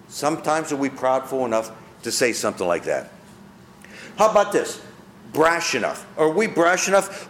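In an echoey room, a man preaches a sermon with a mid-range, slightly bright voice, big pitch swings and a moderate pace. He poses rhetorical questions to his listeners and acts out the people he quotes in character.

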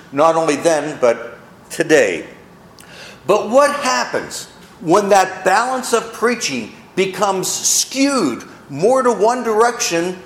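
A man's voice: sits high, reverberant. A man preaching a sermon to a congregation, leaning into emphatic phrases. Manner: preaching with rising emphasis, mocking quotes. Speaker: pastor. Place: church.

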